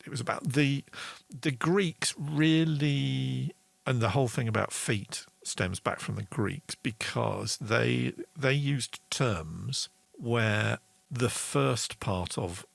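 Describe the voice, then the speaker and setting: A man's voice: mid-range voice, slow, gravelly, no echo. A middle-aged man hosting a casual online songwriting lesson, chatty and enthusiastic as he explains meter. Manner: chatty and enthusiastic, reads viewer comments aloud, sings rhythm syllables. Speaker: songwriting show host.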